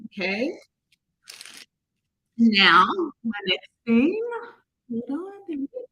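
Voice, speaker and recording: A woman's voice: fairly high pitch, sing-song, takes it slowly, sharp tone, breathy edge, lo-fi sound. A woman demonstrating makeup in a casual tutorial, chatty and talking viewers through each step, sometimes quizzing them. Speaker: makeup artist demonstrating products.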